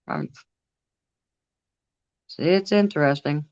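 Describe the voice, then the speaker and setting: A woman's voice: lowish voice, moderate pace, fairly bright tone, highs cut off. A woman paranormal investigator chatting casually while filming, cooing at her dog now and then. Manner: coos and baby-talks to her dog.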